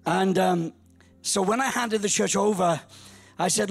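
A man in his sixties preaching a humorous storytelling sermon, lively, rising to shouts. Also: sits high, unhurried, creaky, pauses often, breathy edge, soft background music. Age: 60s. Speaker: pastor.

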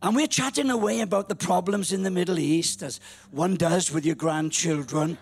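A man in his sixties preaching a humorous storytelling sermon, lively, rising to shouts. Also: sits high, normal speed, vocal fry, husky. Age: 60s. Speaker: pastor.

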